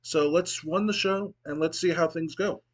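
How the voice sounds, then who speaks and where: A man hosting a casual let's play, narrating the action in a relaxed play-by-play way with occasional fillers. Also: fairly high pitch, moderate pace.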